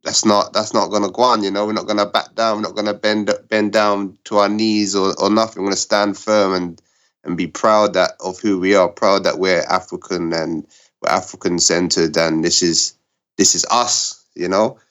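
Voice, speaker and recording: A man who co-owns a restaurant, answering interview questions in an earnest, halting way with many restarts. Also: low-pitched, level tone, fairly bright tone. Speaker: restaurant co-owner, guest.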